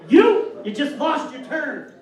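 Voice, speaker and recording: A man's voice: extremely high pitch, big pitch swings, slow pace, distant mic, very noisy. A man from upstate New York doing a brash, bawdy stand-up set on a club stage. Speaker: stand-up comedian. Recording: echoey club mic'd from afar.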